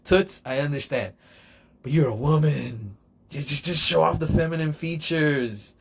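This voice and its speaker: A man's voice: fairly high pitch, measured pace, vocal fry, breathy edge. A middle-aged man telling a casual, rambling story in a joking, digressive way. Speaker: podcaster.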